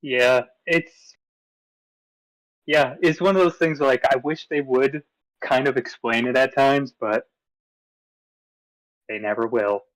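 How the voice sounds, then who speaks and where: A man's voice: medium pitch, slow pace, pauses often, dry recording, rough recording. A man co-hosting a movie podcast in casual chat, easygoing, running through his picks from notes with fillers. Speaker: podcast co-host.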